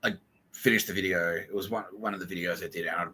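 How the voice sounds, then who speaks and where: A man's voice: sits low, steady tone, quick pace, sharp tone, breathy edge, low-quality recording. An Australian man hosting a podcast, telling a rambling story in a profane, agitated way. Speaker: podcast host. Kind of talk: casual rambling monologue.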